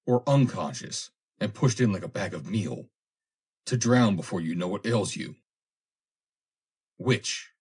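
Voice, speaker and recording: A grim, stern man who gives hard orders in a quiet voice, as a male narrator voices him. The voice sits deep and low, with a husky, breathy edge. It comes from a storybook reading. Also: animated, unhurried, pauses often, full character voice. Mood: stern, scornful. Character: grim, stern young man commanding in a crisis.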